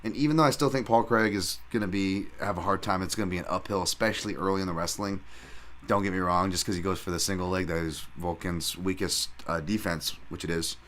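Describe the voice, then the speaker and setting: A man hosting a solo podcast who talks in rambling, profane, animated rants. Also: deep voice, quick pace, a little hiss or hum. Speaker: podcast host and fight analyst.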